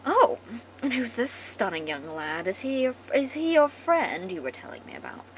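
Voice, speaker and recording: A woman's voice: on the high side, very animated, normal speed, a little hiss or hum, low-quality recording. A woman voicing a posh, cold-hearted queen who speaks in prim, overly polite phrases. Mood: posh, gracious.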